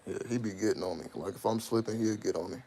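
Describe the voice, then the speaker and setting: Speaking fast in a lowish voice, a man hosting his channel delivers a casual monologue to the camera about his life. He's slangy and loose, repeats himself often, and keeps asking "you know what I mean," all over a very noisy recording.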